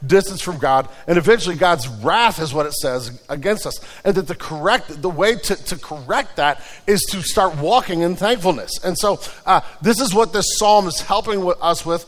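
A man's voice: high-pitched, normal speed, few pauses, a bit bright, big-room sound. A man preaching a sermon in a conversational way, often restarting phrases and telling everyday stories. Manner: conversational preaching with repeated restarts and told anecdotes. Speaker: pastor.

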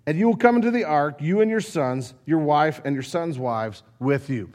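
High-voiced man preaching conversationally. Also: normal speed. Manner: conversational, animated, many asides. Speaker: pastor. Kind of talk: sermon, Bible reading and storytelling.

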